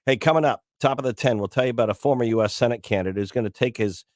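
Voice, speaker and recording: A man hosting a morning radio talk show, telling stories in a chatty, animated way with many restarts. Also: medium pitch, very fast, dry recording, studio quality. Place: radio studio.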